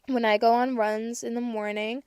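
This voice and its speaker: A teenage girl hosting a podcast, giving candid, chatty advice with casual swearing and bursts of excitement. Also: a little high, normal speed, clean tone, dry recording, studio quality. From United States. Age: teens. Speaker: podcast host.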